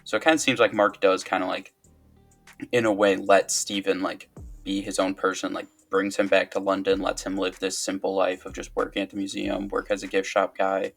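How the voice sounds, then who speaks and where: A man with a low, gravelly voice speaks as a podcast co-host. He works his thoughts out aloud, hesitant and full of fillers. Faint music plays underneath. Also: monotone, normal speed. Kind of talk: casual chat.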